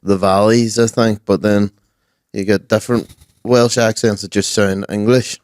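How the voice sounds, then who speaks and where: A man's voice: on the low side, level tone, moderate pace, darkish tone, no room sound, studio quality. A young man co-hosting a podcast, hungover and rambling in casual chat. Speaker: podcast co-host.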